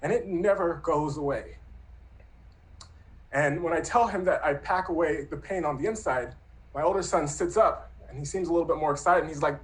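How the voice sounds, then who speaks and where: A man in his thirties tells a true story from his own life, speaking earnestly and reflectively. His voice sits a little high for a man, and his delivery stays soft and unhurried. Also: rough recording. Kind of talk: personal storytelling.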